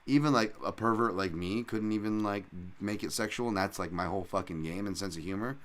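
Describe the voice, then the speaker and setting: A man's voice: fairly low pitch, a little fast. A man hosting a solo fight-betting podcast, talking casually in a profane, rambling and jokey way. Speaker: podcast host and fight analyst.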